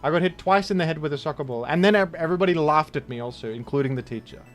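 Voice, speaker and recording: A man's voice: on the high side, rapid-fire. A man streaming a video game, chatting casually and telling rambling, self-mocking stories between moves. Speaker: gaming streamer. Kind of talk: casual commentary while playing. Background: faint background music.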